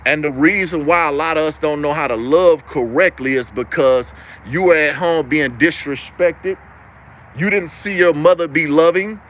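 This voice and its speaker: A man's voice: on the high side, normal speed, fairly bright tone, slight background noise. A young man giving a preachy, emphatic, repetitive monologue as a live-stream host. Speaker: livestream host.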